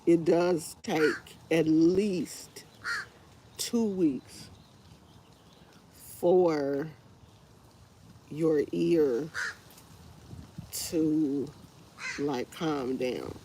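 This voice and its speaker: A woman's voice: lowish voice, a little mellow, slight background noise. A woman hosting a casual livestream, congested with a stuffy nose, rambling in a tired, fed-up way. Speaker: livestream host. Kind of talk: casual live chat with viewers.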